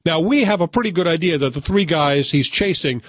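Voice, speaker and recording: A man hosting a radio chat, retelling and reviewing a movie in an animated, laughing way. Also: on the high side, a little fast, no echo, studio quality. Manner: animated storyteller, laughs often. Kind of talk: casual chat.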